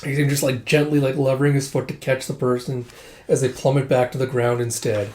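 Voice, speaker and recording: Man, casual manga read-through, mid-pitched voice, chatty recap. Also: little pitch movement, darkish tone. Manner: quick recap that introduces quoted lines with "it's like". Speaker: manga reviewer.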